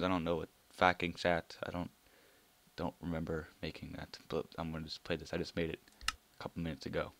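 A young man giving casual gameplay commentary, excitable, swearing now and then and muttering asides under his breath. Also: deep voice, a little fast, no room sound. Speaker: let's play gamer.

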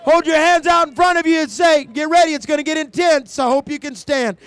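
A man preaching a charismatic sermon at a church conference, shouting, repeating phrases and speaking in tongues. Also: very high voice, fairly quick. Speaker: evangelist.

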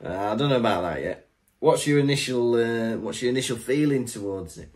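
A man co-hosting a casual podcast, his pitch moving around a lot as he talks. He drops wry asides and laughs easily. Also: lively intonation, brisk, a little mellow. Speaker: podcast co-host. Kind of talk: casual chat.

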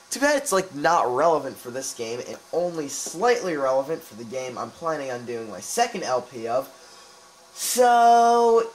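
A young man hosting a let's play, chatting casually over gameplay with sarcastic asides and bursts of excitement, filming in a room. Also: medium pitch, a little hiss or hum, poor audio. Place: room with camera filming the screen.

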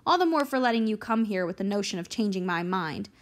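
A woman's voice: medium pitch, very animated, fast, close to an everyday voice. A woman reading an audiobook, voicing a stern, stubborn elderly homeowner who talks curtly. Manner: curt, snapping.

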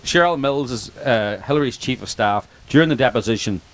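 At an outdoor picnic gathering, an Irish documentary filmmaker gives an informal speech, rambling and joking with many restarts and asides. His mid-range voice is expressive and fairly quick.

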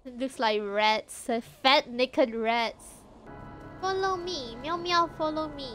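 A woman live-streaming a game, talking to the cat on screen and squealing and shouting when things go wrong. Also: sits high, slow pace, faint music behind. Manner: talks to the cat character, meowing.

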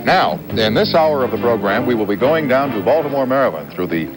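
A man's voice: medium pitch, big pitch swings, brisk, loud music behind the voice, poor audio. A man hosting a late-night talk show in a casual, wry, joking way. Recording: 1970s TV broadcast audio.

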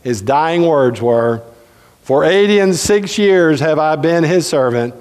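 Pastor, male, high voice, preaching with leaps and stretched words, reverberant church hall. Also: expressive, a little mellow. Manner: preaches with sudden pitch jumps, drawn-out emphasis. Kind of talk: sermon. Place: church sanctuary.

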